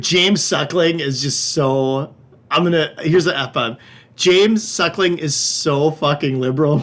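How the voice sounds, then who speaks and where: A man's voice: a little high, a bit bright. Chatty, joking man hosting a wine tasting. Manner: casual, joking, profane, loose and chatty. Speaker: wine shop host. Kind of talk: livestreamed wine tasting class.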